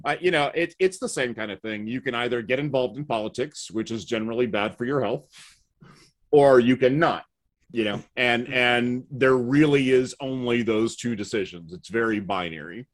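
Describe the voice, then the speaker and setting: A middle-aged man telling stories in a relaxed podcast conversation, with a wry, self-deprecating manner. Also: mid-range voice, moderate pace. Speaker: podcast guest. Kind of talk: casual conversational storytelling.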